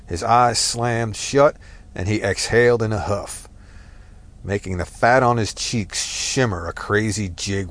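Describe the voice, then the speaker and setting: A man narrating a tense story in a measured, dramatic reading. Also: lowish voice.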